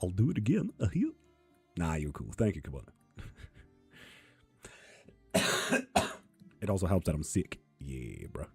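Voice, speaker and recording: Low husky man answering a live chat. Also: huge pitch swings, measured pace, long pauses, soft background music. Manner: reads viewer comments aloud and answers them, swears casually. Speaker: tarot reader streaming live. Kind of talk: casual livestream chat reading comments.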